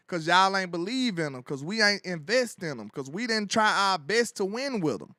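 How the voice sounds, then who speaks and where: Bright-voiced man ranting about football. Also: sits high, normal speed, no echo, studio quality. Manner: animated ranting with slang and laughter. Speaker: sports commentary host. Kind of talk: sports commentary.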